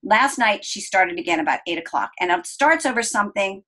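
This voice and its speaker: A woman's voice: mid-range voice, rough recording. Earnest middle-aged woman telling a story. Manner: earnest, gentle, slows down to stress calm moments. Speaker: interview guest. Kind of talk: personal storytelling.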